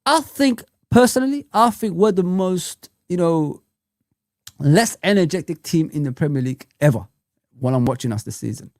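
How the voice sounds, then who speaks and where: A man's voice: on the high side, expressive, moderate pace, a little mellow, dry recording, studio quality. A man hosting a football fan live chat, ranting in an exasperated way and repeating himself for emphasis. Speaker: fan channel host.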